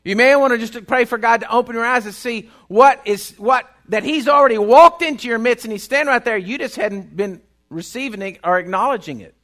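A preacher with a high voice delivers a sermon. He moves from loud, driving bursts to quiet, hushed lines, keeping the congregation with him. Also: fairly quick, hardly any pauses. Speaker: pastor.

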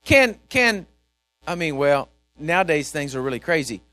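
Fired-up male preacher, high voice, repeats himself, big swings in volume, dry recording. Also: moderate pace, dry recording. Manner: animated, repetitive, swings from shouting to quiet asides. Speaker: pastor. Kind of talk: sermon.

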